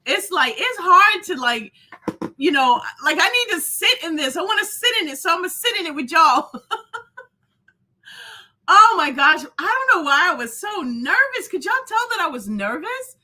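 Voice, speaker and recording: A woman's voice: extremely high pitch, big pitch swings, normal speed, sharp tone. A woman hosting a live stream in casual chat, effusive and rambling, greeting viewers by name. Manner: rambling, many fillers and restarts. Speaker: host of a live show.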